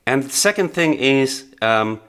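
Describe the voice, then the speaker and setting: A man teaching a blues piano lesson, explaining earnestly and with emphasis, pausing with small hesitations. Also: mid-range voice, lively intonation, a bit bright, clean tone. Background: faint piano playing.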